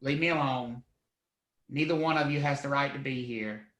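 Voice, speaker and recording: A man's voice: medium pitch, normal speed, a bit bright, reverberant, close to an everyday voice, low-quality recording. A man voicing an exasperated judge who bluntly dismisses a case. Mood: fed up.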